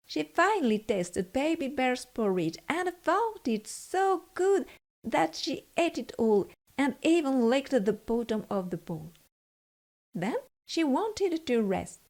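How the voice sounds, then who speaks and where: Slow, high-voiced woman reading a fairy tale. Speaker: storyteller. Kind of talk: children's fairy tale narration.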